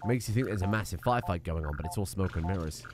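A man's voice: low voice, fast talker. A man giving wry, chatty let's play commentary, swearing casually. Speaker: gaming streamer.

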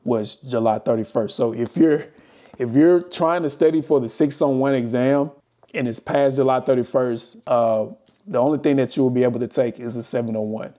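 A man's voice: medium pitch, moderate pace. A young adult man talking casually to camera and walking through his study experience with plenty of fillers. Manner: relaxed, conversational, many fillers. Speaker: vlogger. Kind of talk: casual talking-head explainer.

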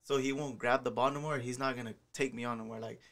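Man, middle pitch, casual podcast talk, slangy and profane. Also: steady tone, creaky, fairly bright tone. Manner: casual, profane, fast with filler words. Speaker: podcast guest, soccer player.

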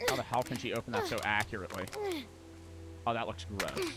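A young man streaming a game, talking to his chat in a casual, profane, excitable way and breaking into repeated shouted outbursts. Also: lowish voice, a little fast, heavy background noise. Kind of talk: live gameplay commentary. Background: game music.

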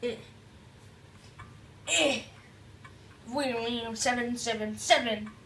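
A woman's voice: on the high side, slow pace, a bit bright, a little hiss or hum. A woman doing casual let's-play commentary, joking around and reading on-screen tutorial text aloud. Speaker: gameplay commentator.

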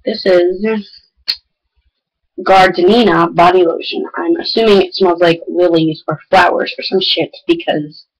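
An excitable teenage girl talks straight to her viewers in a loose, rambling vlog chat. Her voice jumps high when she gets worked up, and she strings thoughts together with lots of fillers. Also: a little slow, breathy edge, highs cut off. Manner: excitable, rambling storytelling with big pitch jumps. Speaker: vlogger.

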